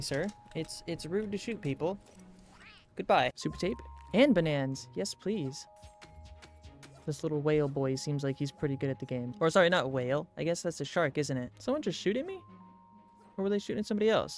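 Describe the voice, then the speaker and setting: A man giving let's-play commentary, excitable, gasping and talking to himself as he plays. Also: on the high side, moderate pace, pauses often, faint music behind. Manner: excitable, gasps and talks to himself. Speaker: gaming YouTuber.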